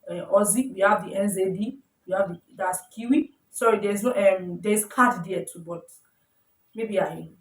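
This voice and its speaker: A woman's voice: medium pitch, recorded from a distance. Woman, informal teacher, checks in often, self-correcting, roomy echo, a bit off-mic. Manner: repeats "you understand?", corrects herself often. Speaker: forex trading teacher. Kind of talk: informal tutorial explaining slides. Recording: roomy sound, voice away from the mic.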